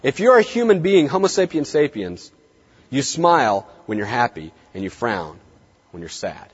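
A man working as a veterinary practice consultant, giving an emphatic seminar lecture and dropping his voice low for effect. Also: sing-song, normal speed, husky. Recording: dull lo-fi recording in reverberant hall.

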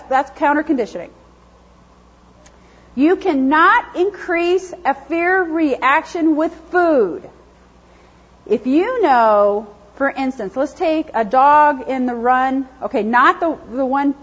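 A woman lecturing a class on dog training, lively and chatty, acting out what dogs think. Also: high voice, breathy edge. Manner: lively, chatty, acts out dogs' thoughts in silly voices. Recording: dull, lo-fi classroom recording.

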